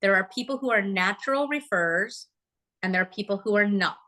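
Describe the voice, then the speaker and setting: A woman coaching a room of listeners in a chatty, lively way, with a pitch that sits in the middle. She often stops to ask the audience questions. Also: fairly quick. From Oregon, USA. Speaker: real estate trainer. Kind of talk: live training talk.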